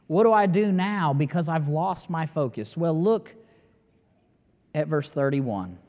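A man preaching a sermon as pastor, emphatic and building to near-shouting, with long dramatic pauses. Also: a little high, lively intonation. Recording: long reverb of a large hall.

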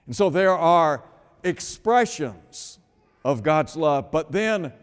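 Preacher, male, earnest and measured, slightly high voice, long hall reverb. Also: expressive, smooth. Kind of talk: sermon.

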